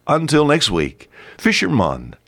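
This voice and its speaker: A man's voice: on the high side, wildly swooping pitch, measured pace, a bit bright. A man preaching a radio sermon, emphatic, asking rhetorical questions and drawing out key words.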